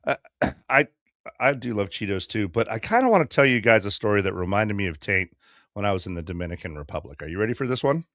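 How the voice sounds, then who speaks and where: A man's voice: lowish voice, big pitch swings, fast talker, fairly bright tone. A man in his fifties spins a profane travel story in a loose podcast chat. He acts out the people he quotes, and his voice rises and falls widely. The sound is dry and close, with no room echo. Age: 50s. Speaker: podcast host.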